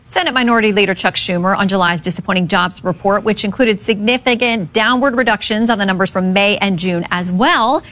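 A woman news anchor on a Sunday political show, introducing a guest and asking polished, measured questions. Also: medium pitch, a bit bright. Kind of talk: broadcast interview.

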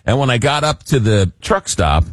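A man hosting a radio interview in a playful, upbeat way, trading lively banter with his guest. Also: medium pitch, normal speed, no echo, clean studio sound. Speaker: radio host.

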